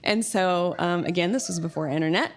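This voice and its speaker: A middle-aged woman from Oklahoma talks as a podcast guest, recalling the past. Her voice sits slightly low. She takes her time with hesitant fillers and laughs easily as she tells each story. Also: fairly quick. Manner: reflective, many um fillers, laughs while telling stories. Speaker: podcast guest, music professor. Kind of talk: casual interview storytelling.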